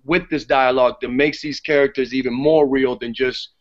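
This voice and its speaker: Male podcast guest, mid pitch, casual and profane, lo-fi sound. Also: moderate pace. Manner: animated, swears freely, restarts often. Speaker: theater guest. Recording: dull lo-fi podcast audio.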